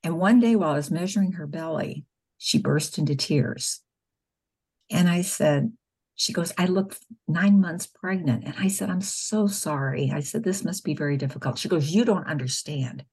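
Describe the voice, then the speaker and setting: This is a middle-aged woman, a nurse who also acts as a pro-life spokeswoman, earnestly sharing patient stories during an interview and acting out what was said. Her deep, darkish voice is slightly rough and moves at a moderate pace.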